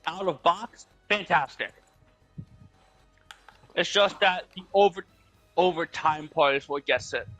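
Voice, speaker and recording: A man's voice: on the high side, measured pace, pauses often, fairly bright tone, soft background music, poor audio. A young man chatting casually over voice chat while gaming, explaining things at length with lots of fillers. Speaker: gaming channel host.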